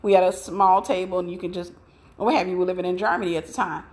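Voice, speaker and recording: A woman's voice: on the low side, fairly even intonation, fast talker, a little mellow. Middle-aged woman preaching, telling a story from her marriage, chatty and emphatic. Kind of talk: sermon with personal story.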